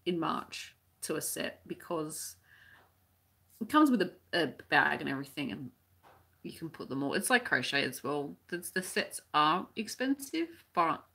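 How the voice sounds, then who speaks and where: A woman's voice: deep voice, creaky, bright, forceful tone, slightly rough. An Australian woman who teaches crochet, chatting casually on a live stream as she reads out viewer comments, rambling with many restarts.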